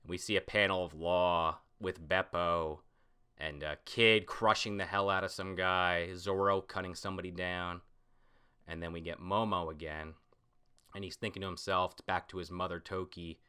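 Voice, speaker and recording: A man hosting a casual manga reaction, talking excitedly and swearing now and then. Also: low-pitched, normal speed, smooth.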